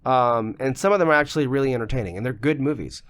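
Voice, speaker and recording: A man's voice: medium pitch, fast talker, fairly bright tone, smooth. A man co-hosting a casual podcast discussion, ranting emphatically and with plenty of profanity, his voice getting a little worn. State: losing his voice. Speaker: podcast co-host.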